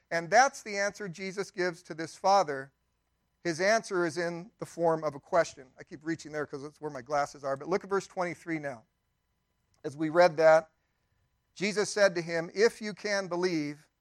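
An older man preaching a sermon as pastor in a church, conversational, with asides and quick acted-out quotes. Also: high-pitched, dry recording.

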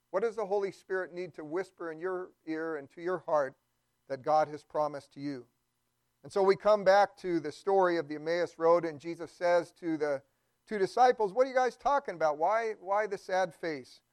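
A man's voice: high-pitched, clean tone, no echo. A man preaching a sermon as a pastor, talking through a Bible story in a conversational way and often repeating words as he thinks aloud.

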